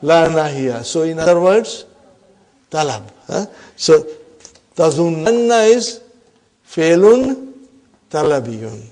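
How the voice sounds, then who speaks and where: Teacher quizzing his class, mellow voice. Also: fairly high pitch, sing-song, takes it slowly, pauses often. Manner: explains and quizzes students with frequent "huh?". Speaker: Arabic teacher. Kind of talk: classroom grammar lesson.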